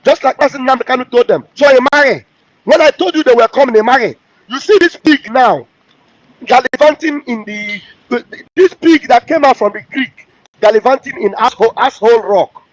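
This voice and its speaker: A man's voice: extremely high pitch, normal speed. A male host, giving heated, mocking political commentary. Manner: heated, mocking, acts out quotes. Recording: dull, dry lo-fi audio.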